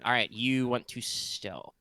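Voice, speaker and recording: A man's voice: mid-range voice, measured pace, a crowd in the background. A man narrating as game master of a tabletop role-playing game, in a loose, chatty way with fillers and little sound effects.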